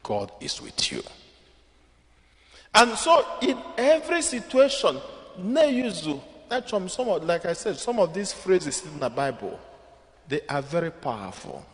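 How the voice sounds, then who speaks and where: Nigerian-accented priest, man, high voice, call-and-response sermon, long church echo. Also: sing-song, normal speed. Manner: call-and-response preaching, rising emphatic repetition. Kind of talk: sermon mixing Igbo and English.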